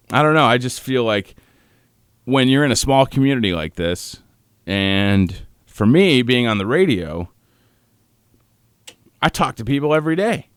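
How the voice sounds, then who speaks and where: A male radio host on his morning show, talking in a halting way and holding back tears, with pauses and restarts. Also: medium pitch, a bit bright, smooth, dry recording, studio quality. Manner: halting, choked up, pausing often. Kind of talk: on-air morning show tribute. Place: radio studio.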